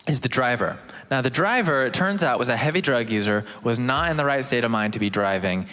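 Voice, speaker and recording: A man's voice: mid-range voice, fairly bright tone. A young man giving a casual, joking testimony talk as a chapel guest speaker. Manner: casual, joking, self-deprecating. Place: university chapel. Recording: long hall reverb.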